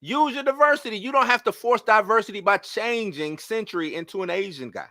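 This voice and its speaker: Live-stream host, man, bright high voice, exasperated rhetorical rant, dry close sound. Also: brisk, no echo. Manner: animated, rhetorical questions, exasperated. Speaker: host of a live movie-news show. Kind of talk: casual live-stream commentary.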